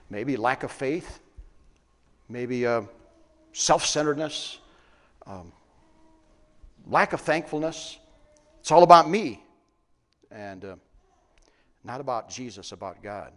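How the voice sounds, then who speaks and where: A man's voice: mid-range voice, animated, slow, pauses often, a bit bright. A man preaching a sermon, often asking the congregation questions and answering them. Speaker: pastor. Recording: long reverb of a large hall.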